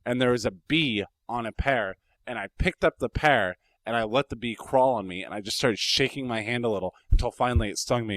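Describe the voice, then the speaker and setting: A man's voice: mid-range voice, fairly quick, hardly any pauses, fairly bright tone, dry recording. A man co-hosting a podcast in casual chat, blunt, swearing casually and telling stories. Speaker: podcast co-host.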